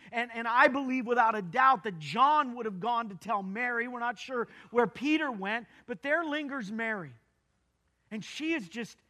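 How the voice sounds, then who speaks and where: A man delivering a sermon with a strikingly high voice. His tone is bright and forceful. He presses each point earnestly and circles back to repeat key phrases for emphasis. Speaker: pastor.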